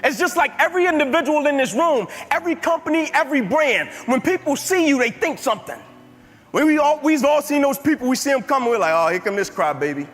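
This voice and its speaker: A man's voice: extremely high pitch, lively intonation, quick pace, fairly bright tone. A man giving a live motivational speech to an audience, emphatic and building his points through repeated phrases. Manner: emphatic, repetitive building cadences. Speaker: motivational speaker. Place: large hall before an audience. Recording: reverberant hall with music underneath.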